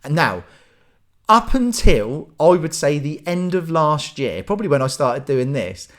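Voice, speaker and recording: A man in his thirties tells a casual, skeptical story and laughs through it. His pitch swings widely as he speaks, and he swears freely. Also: sing-song, a little slow, fairly bright tone. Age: 30s. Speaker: vlogger.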